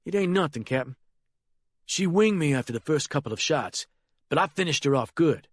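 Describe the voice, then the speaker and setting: A man's voice: fairly high pitch, expressive, normal speed, no echo, pitched above the performer's own voice. A man voicing a nervous young courier. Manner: eager, nervous, rustic drawl. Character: simple frightened young male drug courier.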